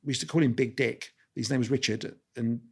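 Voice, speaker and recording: A man, telling lively anecdotes as an interview guest and restarting his sentences often. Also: mid-range voice, a little fast, creaky, husky. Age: 60s. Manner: animated anecdotes with quoted voices and restarts. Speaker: guest photographer. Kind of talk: storytelling interview.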